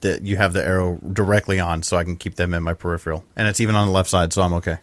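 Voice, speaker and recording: A man playing in a tabletop game, chatting in a relaxed, joking way. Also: deep voice, racing, no room sound. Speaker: player. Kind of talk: casual game chat.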